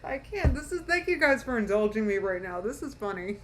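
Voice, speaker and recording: A woman's voice: fairly high pitch, sing-song, fairly quick, fairly bright tone, soft background music. A woman streaming a live reaction, mocking what she watches, laughing often and talking to her chat. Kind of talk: casual live reaction commentary.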